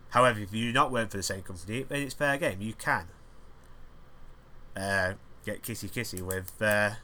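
A man's voice: on the low side, sharp tone. Rambling, crude man hosting a podcast. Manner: rambling, crude, jokey banter. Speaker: podcast host. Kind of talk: casual solo podcast chat.

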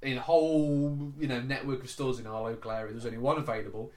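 A man hosting a podcast, telling a story in a crude, animated, casual way. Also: medium pitch, fast. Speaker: podcast host. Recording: echoey room.

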